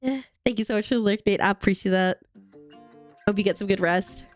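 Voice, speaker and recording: Over soft background music, a young livestream host stitches and chats casually with her audience, rambling bubbly and reading and answering chat messages. Her mid-range voice moves fairly quickly, captured at home on a desk mic.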